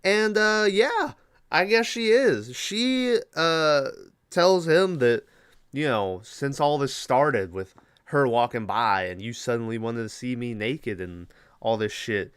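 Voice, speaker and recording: A man's voice: mid-range voice, expressive, takes it slowly, fairly bright tone, clear, resonant tone, no room sound, clean studio sound. A man hosting a podcast, casually retelling a movie plot in a rambling, profane way with lots of fillers. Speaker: podcast host.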